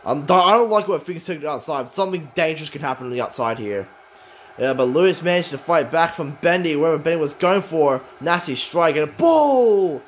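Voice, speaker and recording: A man calls a wrestling match play by play, with a high voice that climbs even higher when the action heats up. He moves from calm description to excited shouts, and faint noise hums behind him. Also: fairly quick. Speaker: wrestling commentator.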